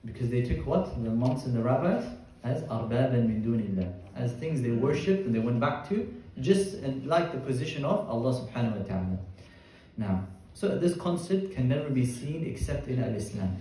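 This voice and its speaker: A male teacher leads a Quran tafsir lesson. He explains each word step by step and keeps quizzing his class. His mellow voice is picked up from across a strongly echoing room. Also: medium pitch, animated, normal speed, distant mic. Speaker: Islamic teacher. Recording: echoey room, voice from afar.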